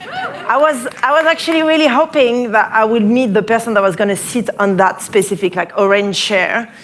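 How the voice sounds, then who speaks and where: Chatty French-accented woman giving a talk. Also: on the high side. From France. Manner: chatty, playful, many fillers and restarts. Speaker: speaker at an event. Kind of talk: conference talk. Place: event hall before a live audience.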